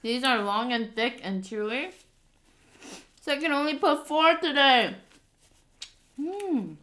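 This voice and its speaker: Playful woman vlog host, bright tone, lively pitch, eats on a close mic. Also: takes it slowly. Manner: chatty, playful, cutesy meowing. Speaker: mukbang host. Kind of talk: casual eating vlog. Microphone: close mic picking up eating sounds.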